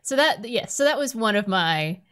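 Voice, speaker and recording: A woman co-hosting a podcast in casual chat, blunt and profane, ranting with sudden jumps up in pitch. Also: animated, normal speed, a bit bright, clear, resonant tone. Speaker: podcast co-host.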